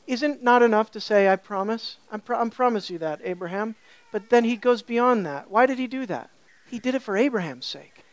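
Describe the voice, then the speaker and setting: There's no echo as a woman pastor preaches, asking her audience questions and restating key points. Scripture passages come in a hushed, low voice, while other moments swell to loud, high peaks.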